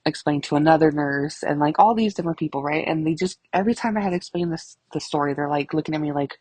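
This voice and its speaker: Talking fast with few pauses, a low-voiced woman in her thirties hosts her own podcast on a dry recording. She tells casual stories in an animated monologue, swearing a lot and laughing often.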